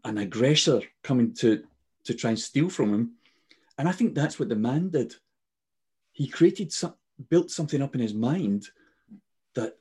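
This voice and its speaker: A man's voice: medium pitch, slightly rough. A man in his sixties in a casual faith conversation, telling stories and acting out the voices he quotes, heard over a video call. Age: 60s. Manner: animated storyteller, acts out quoted voices. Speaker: guest.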